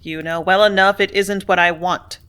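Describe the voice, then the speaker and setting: A woman reading a story, voicing a blustering male factory superintendent who speaks loudly and brusquely. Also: mid-range voice, a little fast, lightly acted. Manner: loud, brusque, bullying.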